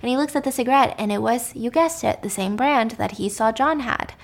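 A woman with a somewhat high voice recaps a drama in casual, animated storytelling. She hurries through the plot and drops to a hushed whisper at the tense turns. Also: fairly quick.

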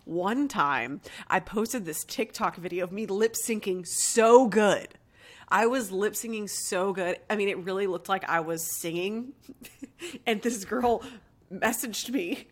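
A woman's voice: mid-range voice, slow. A woman guest on a podcast, telling rambling stories and giggling as she chats casually with a friend. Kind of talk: casual chat between friends.

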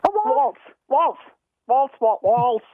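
Female caller, high and husky, excited and giggly, heard over a phone line. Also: slow, dry recording. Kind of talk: phone-in quiz game.

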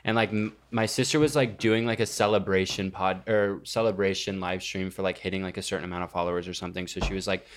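A man's voice: deep voice, steady tone, fast, few pauses. A young man co-hosting a podcast, telling a story in hesitant, filler-laden casual chat. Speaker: podcast co-host.

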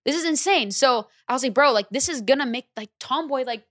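Brief young woman, singer guest, slangy animated storyteller, dry close mic. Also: sits high, fairly quick, no echo. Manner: animated, slangy, acts out her own past reactions. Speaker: recording artist guest. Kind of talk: casual interview storytelling.

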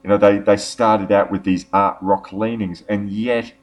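A man's voice: fairly low pitch, flat delivery, normal speed. A man hosting a music podcast in casual, rambling chat. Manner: rambling, many fillers and restarts. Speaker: podcast host.

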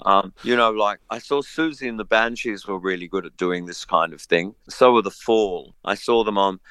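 Older Australian man, resonant low voice, animated rambling anecdotes, mocking asides. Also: moderate pace, clean tone, dry recording. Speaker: interview guest, musician. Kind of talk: casual storytelling interview.

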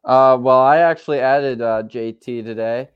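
Laid-back podcast guy, smooth voice, kinda muffled lo-fi mic. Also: medium pitch, moderate pace, dry recording. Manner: laid-back, affirming with frequent mm-hmms. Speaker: podcast co-host. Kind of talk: casual sports podcast chat. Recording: slightly dull, lo-fi dry mic.

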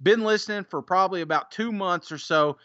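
A man's voice: high voice, a little fast, fairly bright tone, dry recording, muffled recording. A man co-hosting a podcast, reading out listener reviews in a casual, teasing way and laughing often. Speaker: podcast co-host.

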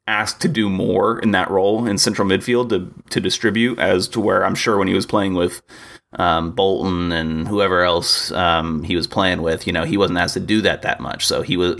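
A man's voice: low-pitched, steady tone, normal speed, creaky, a bit bright. A young man co-hosting a casual sports podcast, rambling with lots of fillers and restarts. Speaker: podcast co-host.

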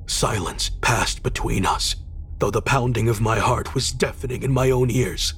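Male narrator for a horror audio story: husky, tense, dramatic first-person read. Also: mid-range voice, normal speed, fairly bright tone.

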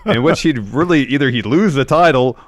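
A man's voice: mid-range voice, animated, fairly quick. A man co-hosting a podcast, casually recapping wrestling matches and acting out the promos with rising energy. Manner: recounts matches, acts out promos with raised energy. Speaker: podcast co-host.

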